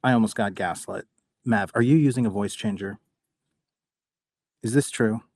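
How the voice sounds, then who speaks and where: A man's voice: on the low side, moderate pace, darkish tone, no echo, clean studio sound. A man hosting a live online talk space, chatty and joking, often restarting his sentences. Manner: chatty, joking, repeats words as he starts. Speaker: host.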